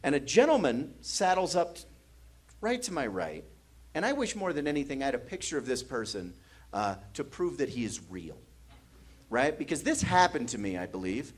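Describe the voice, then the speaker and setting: A man's voice: mid-range voice, normal speed. A man from the American Midwest doing a stand-up comedy set on a club stage, acting out the strangers in his stories. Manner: animated, acts out drunk strangers with mumbling voices. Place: comedy club stage before a laughing audience.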